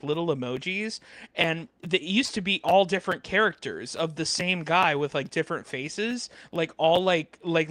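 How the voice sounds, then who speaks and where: A man's voice: fairly high pitch, fairly bright tone, dry recording. A man appearing as a podcast guest in casual chat, wry and joking.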